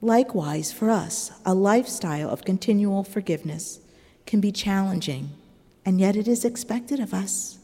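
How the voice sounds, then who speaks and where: A woman preacher giving a sermon in a measured, earnest storytelling manner. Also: mid-range voice, warm tone. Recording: long reverb of a large hall.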